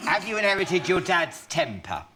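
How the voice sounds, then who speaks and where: A man's voice: sits high, big pitch swings, moderate pace, sharp tone. An English man hosting a chat show, asking questions in a playful, camp way. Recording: studio audience crowd noise.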